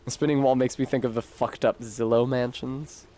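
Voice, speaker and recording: A man's voice: medium pitch, fairly even intonation, normal speed, mellow, slight background noise. A man streaming a video game, chatting casually in a rambling, profane, self-deprecating way. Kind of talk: casual gameplay commentary.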